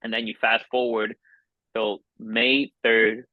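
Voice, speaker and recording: A man in his forties from Miami, a podcast guest telling a personal story in an earnest, halting way with many restarts. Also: on the low side, flat delivery, no room sound. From Miami, United States. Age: 40s. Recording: dull, dry lo-fi sound.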